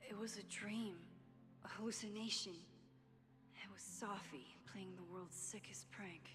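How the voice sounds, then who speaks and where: An actress voicing a thoughtful, weary young woman in a game, speaking a quiet inner monologue. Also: medium pitch, fairly even intonation, unhurried, natural voice. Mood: reflective. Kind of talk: game voice acting. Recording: game audio with long reverb and music.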